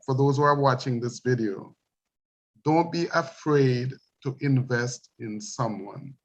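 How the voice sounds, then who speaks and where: A man's voice: mid-range voice, muffled recording. A man in his sixties with a Jamaican accent, hosting an interview in an encouraging, preacherly way. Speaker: host. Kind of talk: interview talk.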